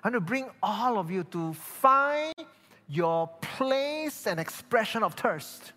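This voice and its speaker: A man's voice: sits high, lively intonation, slow pace, bright, forceful tone. A male pastor with a Malaysian English accent, preaching and telling a story, acting out the people he quotes. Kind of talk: sermon. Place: church hall. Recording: reverberant hall with faint music behind.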